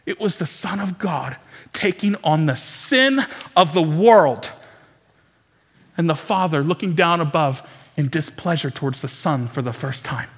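A man's voice: fairly high pitch, expressive, measured pace, husky. A man preaching a dramatic, impassioned sermon as pastor to his church. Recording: long reverb from a large hall.

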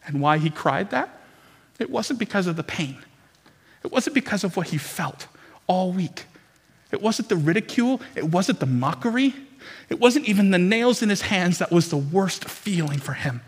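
Pastor guy preaching hard, kinda husky, big echoey church hall. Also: sits high, expressive, normal speed. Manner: impassioned, dramatic preaching. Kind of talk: sermon. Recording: long reverb from a large hall.

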